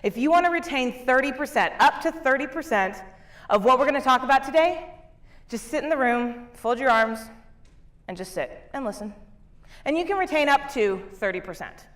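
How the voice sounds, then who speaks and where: A woman's voice: high voice, normal speed. Upbeat woman giving a keynote. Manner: energetic, laughing, talks to the crowd. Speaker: keynote speaker and business coach. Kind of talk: motivational keynote talk. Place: conference stage.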